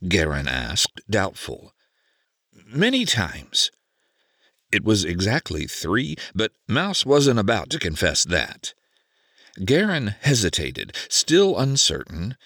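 A man narrating an audiobook with measured, expressive storytelling. His voice sits low and moves through a wide pitch range, and his delivery is unhurried. The sound is dry and close. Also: no echo.

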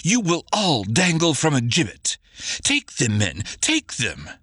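A man's voice: huge pitch swings, measured pace, bright, forceful tone, slightly rough, dry recording, studio quality, exaggerated voice. A man voicing a vengeful male soldier who seethes and shrieks in an audiobook. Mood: shrieking. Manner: seething, high-strung. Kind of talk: audiobook character voice.

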